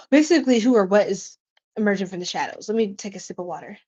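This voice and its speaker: This tarot livestream host talks fast and is very animated, with a medium-pitched, dark-toned voice. She reads out viewer comments, keeps the chat casual and bubbly, laughs frequently, and throws in slangy asides, all in dull lo-fi stream audio.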